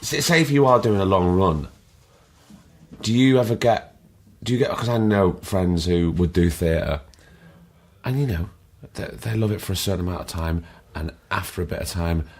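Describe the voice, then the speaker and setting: A man's voice: low-pitched, normal speed, darkish tone. A man hosting a podcast, chatting sympathetically with his guest and stammering now and then. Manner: empathetic, chatty, occasional stammering. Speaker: podcast host. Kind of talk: casual conversational interview.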